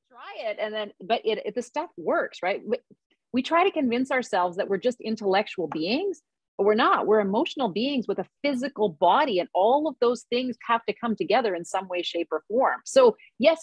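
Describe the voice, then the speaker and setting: Podcast guest lady, bit husky, upbeat, dry close sound, acts out what people say. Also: mid-range voice, no echo. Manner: upbeat, energetic, acts out quoted reactions. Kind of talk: casual conversation.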